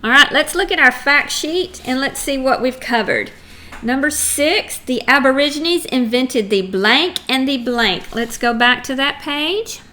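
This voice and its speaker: A woman's voice: high voice, animated, unhurried, sharp tone. A middle-aged woman with a Texan accent teaching a chatty geography lesson to young students in a screen recording.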